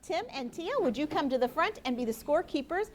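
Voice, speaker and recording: A woman teacher with a high-pitched, animated voice speaks fairly quickly over a noisy crowd. She leads a grammar review for her class and viewers, patiently asking questions and calling on students by name.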